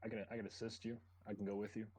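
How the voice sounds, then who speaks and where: Tabletop player, adult man, lowish voice, relaxed chatty talk with repeated starts. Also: very fast, breathy edge, poor audio. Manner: chatty, repeats words when starting sentences. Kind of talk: casual game chat.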